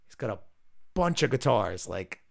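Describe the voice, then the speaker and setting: A man's voice: mid-range voice, very animated, normal speed, vocal fry, a little hiss or hum. A man hosting a podcast, casually telling a long, profane anecdote and quoting the people in it. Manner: profane, rambling anecdote with quoted dialogue. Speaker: podcast host. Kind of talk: casual storytelling.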